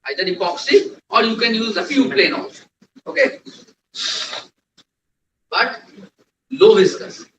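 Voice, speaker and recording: High, bright-voiced trainer. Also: male voice, very animated, measured pace, pauses often, highs cut off, a little hiss or hum. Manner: quizzes the class, repeats key points. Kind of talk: classroom lecture. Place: lecture hall. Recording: echoey room, distant mic.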